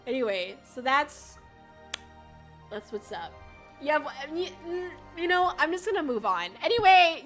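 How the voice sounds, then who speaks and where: Bright-voiced young woman streamer, rambling chat. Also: high voice, very animated, measured pace, soft background music. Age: young adult. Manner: rambling and chatty, lots of fillers and swearing. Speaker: VTuber streamer. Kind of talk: casual livestream chat with viewers.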